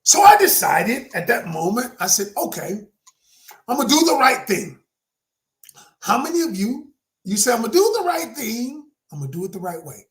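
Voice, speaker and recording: Guy coaching, big swoopy lively voice, dramatic storytelling, talks right at the crowd. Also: extremely high pitch, moderate pace. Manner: emphatic, dramatic storyteller who addresses the audience directly. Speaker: relationship coach. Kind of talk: motivational talk with personal story.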